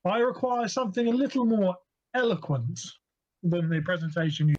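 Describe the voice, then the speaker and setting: A man's voice: high-pitched, expressive, normal speed, darkish tone. A man voicing a pompous bearded male gatekeeper who speaks in grand, formal words. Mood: courteous. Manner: lofty, grand formal speech. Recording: dull lo-fi audio.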